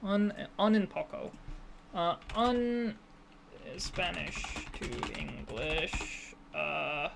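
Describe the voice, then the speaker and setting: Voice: mid-range voice, lively intonation, extremely slow, gravelly, noisy background. Rambling casual streamer. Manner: rambling, self-deprecating, many restarts. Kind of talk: casual live-stream chat while gaming.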